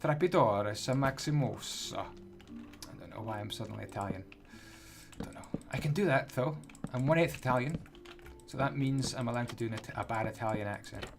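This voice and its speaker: Over background music and some background noise, a Minecraft builder and tutorial host speaks a little fast in a gravelly, medium-pitched voice. He keeps up casual, playful commentary as he builds, counting the blocks out loud.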